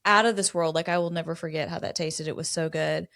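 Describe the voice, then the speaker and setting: A woman's voice: deep voice, quick pace, gravelly. Chatty woman podcast host. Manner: chatty, animated storytelling. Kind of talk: casual chat and Bible teaching.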